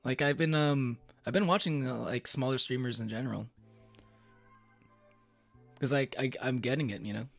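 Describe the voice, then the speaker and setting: A man's voice: mid-range voice, moderate pace, gravelly, pauses often, faint music behind. A young man streaming, chatting casually to his viewers in a rambling way, with many fillers and restarts and frequent laughs. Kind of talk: casual livestream chat.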